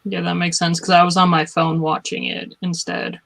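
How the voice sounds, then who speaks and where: Flat, gravelly man on a video call. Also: sits high, normal speed, a crowd in the background, poor audio. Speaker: tech support on a livestream team. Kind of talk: casual video-call tech check. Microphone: webcam mic on a video call.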